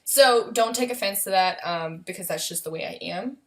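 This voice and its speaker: A woman's voice: fairly low pitch, moderate pace, fairly bright tone, rough recording. A woman vlogger with a young son, telling a personal story in a casual, rambling way with many fillers and asides. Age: adult with a young son.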